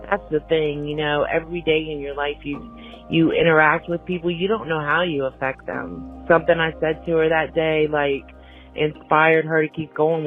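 A woman's voice: low voice, narrow, tinny audio. A woman in an interview, speaking in a reflective, grateful way.

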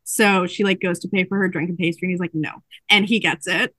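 A woman hosting a casual podcast chat, recapping a book in animated storytelling and acting out the characters' lines. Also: fairly low pitch, brisk, no echo.

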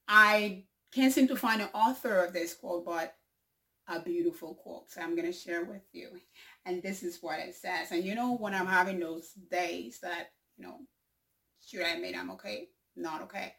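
A woman giving a slow, heartfelt motivational talk, lingering on the lines she quotes. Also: lowish voice, creaky, fairly bright tone, recorded from a distance. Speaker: speaker sharing encouragement.

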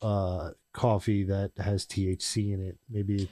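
A man's voice: deep voice, flat delivery, a little slow, mellow, dry recording, studio quality. Joking rambling man co-host. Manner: joking, profane, loose and rambling. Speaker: podcast co-host. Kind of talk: casual chat.

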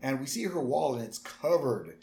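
A man's voice: medium pitch, normal speed, creaky, reverberant, slight background noise. A man co-hosting a podcast, casually recapping a cartoon episode and jumping into character voices. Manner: animated, jumps into character voices. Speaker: podcast co-host.

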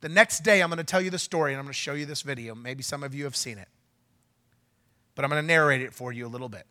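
A male pastor telling a story during a sermon, animated and getting loud when he acts out what was said. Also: medium pitch, fast talker. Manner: animated, shouts when acting out quotes. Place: church.

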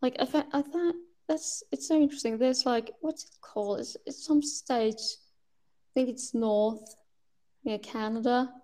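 A woman whose first language is Swedish speaks English with a Swedish accent. Her voice sits a little high. She talks in a casual podcast style, breaking off and restarting her sentences as she hunts for the right word. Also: mellow. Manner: halting, restarts while searching for words. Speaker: guest.

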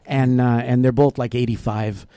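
A man's voice: mid-range voice, steady tone, moderate pace, warm tone, smooth, dry recording, clean studio sound. A man co-hosting a casual talk show, playful and teasing, telling jokes. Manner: playful, teasing, tells jokes with put-on voices. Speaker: co-host.

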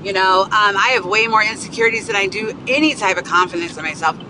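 A woman's voice: medium pitch, quick pace, background noise. A woman hosting her podcast alone, venting bluntly and swearing constantly. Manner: profane, blunt, ranting. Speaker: podcast host. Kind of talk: angry solo venting.

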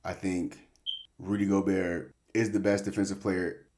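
A man's voice: low voice, flat delivery, a little slow, darkish tone, slight background noise. A man hosting a casual sports talk show, laid-back and cursing freely as he gives his picks. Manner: laid-back, swears casually, self-interrupting. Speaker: podcast host.

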